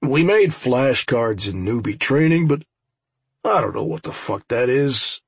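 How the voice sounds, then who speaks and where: A blunt rookie monster hunter talks plainly, with a gravelly, husky edge, as a male narrator voices the partner. The tone is thoughtful and matter-of-fact in this storybook reading, close and dry. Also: medium pitch, animated, a little slow, no room sound. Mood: puzzled.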